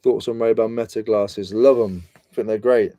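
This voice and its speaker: A man's voice: on the low side, fairly even intonation, normal speed, mellow, no room sound. A British man chatting casually and slangily on a reselling live stream, mocking himself as he goes. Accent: British English. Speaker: reselling vlogger.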